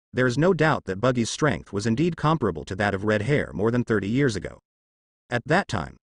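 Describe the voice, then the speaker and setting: Man narrating in a lively voice. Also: medium pitch, dry recording, studio quality. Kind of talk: fan-fiction audiobook narration.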